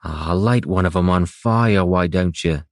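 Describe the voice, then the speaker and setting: A man playing a rough, uneasy prisoner aboard a pirate ship, talking bluntly in slow, colloquial phrases. The voice sits low and dry, read as part of a storybook. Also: no echo. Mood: urging.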